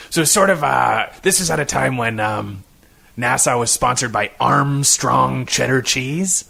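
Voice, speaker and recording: Casting: man, gravelly husky voice, deadpan rambling improv host. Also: medium pitch, normal speed. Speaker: comedy podcast host playing a father. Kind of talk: improvised comedy podcast chat.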